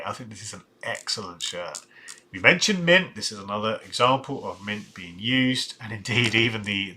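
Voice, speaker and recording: A man's voice: mid-range voice, bright, forceful tone. A man hosting a live stream, reviewing football shirts and reading out viewer comments, thinking aloud with many fillers and restarts. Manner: reads out viewer chat comments.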